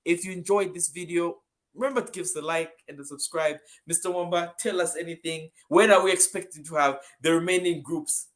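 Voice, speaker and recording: A man from Zambia, co-hosting a casual football prediction chat over a video call. He speaks energetically and emphatically, swinging between loud bursts and softer asides. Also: fairly high pitch, fairly even intonation, a little fast. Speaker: co-host.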